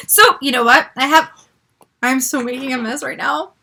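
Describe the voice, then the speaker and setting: A woman in her forties hosting an unboxing vlog, excitable, gasping and squealing as she talks. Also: sits high, brisk, slight background noise. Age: 40s. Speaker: vlogger.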